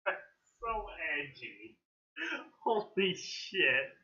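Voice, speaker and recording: Brief: man co-host proclaiming names with mock grandeur, sweeping pitch, dull lo-fi sound. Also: big pitch swings, drawn-out words, sharp tone. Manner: booms out item names dramatically, laughing. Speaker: co-host reading aloud. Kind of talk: casual stream commentary.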